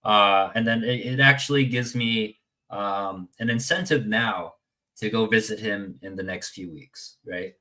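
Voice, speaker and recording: A man's voice: fairly low pitch, measured pace, pushed and bright. Young male guest, rambling and hesitant, casual talk. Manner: hesitant, rambling, frequent fillers and laughs. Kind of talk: casual chat.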